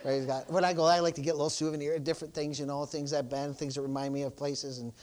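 Fervent high-voiced male preacher. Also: flat delivery, fast talker. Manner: peppers speech with "praise the Lord" and "amen"; swings from loud exclamations to soft asides. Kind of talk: sermon. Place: church service.

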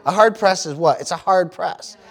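A man's voice: sits high, moderate pace. A middle-aged man from the United States preaching a sermon as pastor, peppering his talk with "praise the Lord" and "amen.".

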